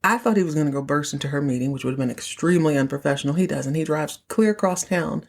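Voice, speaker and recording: Animated woman host with a low-pitched voice. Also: fast talker. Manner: chatty and animated, acting out characters' lines. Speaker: podcast host. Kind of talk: casual episode recap.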